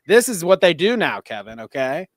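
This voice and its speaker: A man's voice: a little high, moderate pace, no echo. Middle-aged guy cohosting, laughs a lot, swears, voice bounces around, dry sound. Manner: laughing, swearing, animated riffing. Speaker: podcast co-host. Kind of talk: casual chat reacting to clips.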